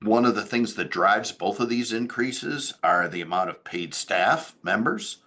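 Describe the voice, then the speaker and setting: A man giving a local government update as town supervisor, talking in a halting way with many fillers and self-corrections. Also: lowish voice, lively intonation, sharp tone.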